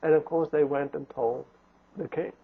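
A man's voice: a little high, fairly even intonation, moderate pace, vocal fry, slightly rough. A man preaching a sermon in an earnest, pleading way, asking rhetorical questions and restarting phrases. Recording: phone-like narrow band.

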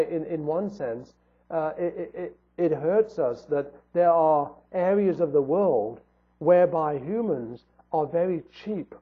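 A man's voice: on the high side, slightly rough. A man preaching a sermon in an earnest tone, asking rhetorical questions. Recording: tinny phone-like audio.

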